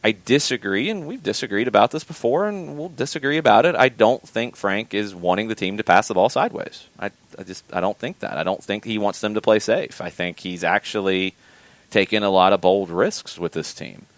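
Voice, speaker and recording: A man with a notably low voice talks through soccer talking points in a casual podcast. He speaks in a measured way and often restarts phrases as he thinks. The sound is close and dry, with no room echo.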